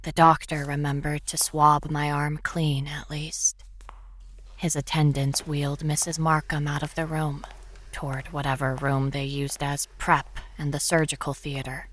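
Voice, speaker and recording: A young woman narrating a horror story in first person, often in a hushed, whispery voice. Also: low voice, flat delivery, unhurried. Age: young adult.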